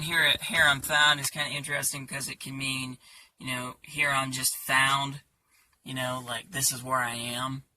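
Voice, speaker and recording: A man talking casually about his songs in a halting way, with many fillers and restarts. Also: medium pitch, pushed and bright, far from the mic, slight background noise. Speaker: songwriter.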